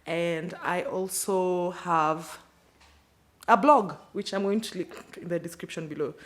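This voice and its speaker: A woman's voice: lowish voice, a little slow. A woman with a Kenyan accent, chatting casually about the books she read this month, with playful slangy asides. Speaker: book channel host. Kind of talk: casual book wrap-up video.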